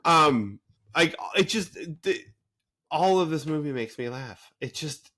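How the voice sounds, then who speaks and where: Bright-voiced chatty man. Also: fairly high pitch, unhurried. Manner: animated, rambling with many fillers. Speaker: podcast co-host. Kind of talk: casual chat.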